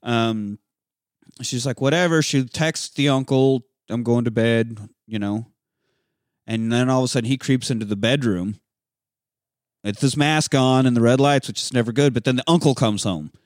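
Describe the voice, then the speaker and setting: A man's voice: mid-range voice, normal speed, pauses often, no room sound, clean studio sound. A man casually recapping a film plot with friends, swearing freely and acting out the characters' lines. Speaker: podcast co-host recapping a film. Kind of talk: casual profane chat.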